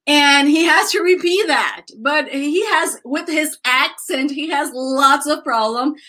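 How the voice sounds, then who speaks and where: Casting: bright-voiced woman, Brazilian accent, enthusiastic online English teacher, calls students guys. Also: sits high, slow pace. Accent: Brazilian Portuguese. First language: Portuguese. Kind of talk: online grammar lesson.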